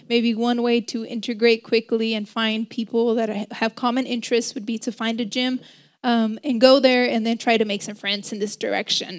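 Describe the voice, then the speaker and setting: American woman, kinda high voice, telling her story with lots of ums and restarts. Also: clean tone. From United States. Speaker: participant. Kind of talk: personal storytelling in a discussion.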